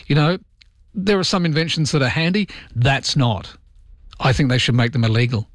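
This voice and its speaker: Welsh-accented talk radio host with a lisp. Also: male voice, medium pitch, lively intonation, moderate pace, no room sound, studio quality. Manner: chatty and opinionated, with frequent ums. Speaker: overnight talkback radio host. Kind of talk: talkback radio chat, reading listener texts. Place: radio studio.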